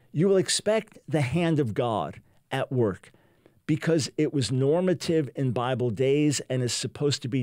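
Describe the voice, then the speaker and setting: A man's voice: medium pitch, darkish tone, no room sound, clean studio sound. An older American man hosting a Christian talk show, preaching fervently and reading a testimony aloud with emphasis. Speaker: radio show host.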